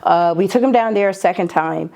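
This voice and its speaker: A woman's voice: on the low side, fairly quick, gravelly. A middle-aged woman telling stories in an interview as an artist manager, blunt and emphatic, acting out what people said. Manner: animated, acts out quoted lines, blunt and emphatic. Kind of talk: candid storytelling interview.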